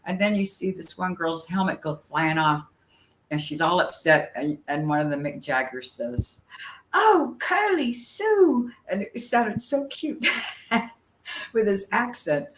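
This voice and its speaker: A chatty woman tells animated stories on a video call, with fillers tumbling through her speech. Her voice sounds roomy and echoey. A faint hum of ambience sits underneath her. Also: low voice, moderate pace. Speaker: guest. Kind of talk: casual storytelling chat.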